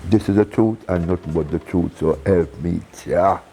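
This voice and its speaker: A man with a Jamaican accent, a reggae singer telling stories in a casual interview. He is animated, acting out the voices of people in his stories and laughing often. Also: deep voice, moderate pace, slight background noise, rough recording. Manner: animated storyteller who acts out quoted voices and laughs often.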